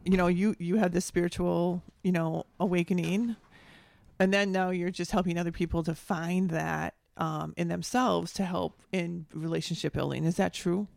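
Interviewer, gravelly fry, close dry mic, searching and rephrasing. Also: mid-range voice, steady tone, normal speed, a little mellow, dry recording. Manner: searching, rephrases with many fillers, checks understanding. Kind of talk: casual interview.

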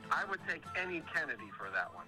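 A man's voice: on the high side, big pitch swings, quick pace, over music, rough recording. A man calling in to a radio show, playful and teasing as he runs a guessing game. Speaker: caller doing impressions. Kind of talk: casual radio call-in.

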